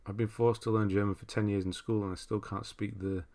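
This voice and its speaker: A deep-voiced English man hosting a gaming livestream. He chats casually, reads out viewer comments, laughs easily and often restarts his sentences. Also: little pitch movement, a little fast, a little mellow. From England. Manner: chatty, easygoing, laughs often, frequent restarts. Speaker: livestream host.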